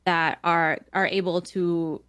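A woman's voice: fairly low pitch, little pitch movement, slow pace, a bit bright, no echo. Laughing, friendly female radio guest. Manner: friendly, laughs often, informal fillers. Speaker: program manager guest. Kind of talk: casual radio interview.

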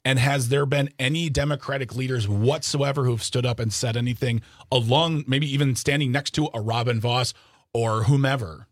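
A man's voice: medium pitch, normal speed, no room sound, clean studio sound. A man co-hosting a political discussion podcast, talking earnestly and rambling with frequent restarts. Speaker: podcast co-host.

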